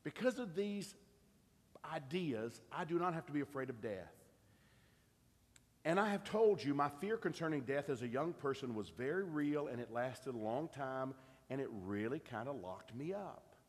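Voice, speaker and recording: A man's voice: medium pitch, expressive, normal speed, husky, big-room sound. A middle-aged man, preaching an earnest, conversational sermon and asking his congregation questions. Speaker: pastor. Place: church sanctuary.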